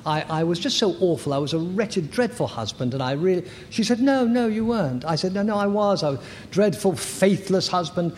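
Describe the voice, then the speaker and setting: Older man telling a halting, candid story. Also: high-pitched, darkish tone. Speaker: recovery meeting speaker. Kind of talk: personal testimony. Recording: echoey hall with faint noise.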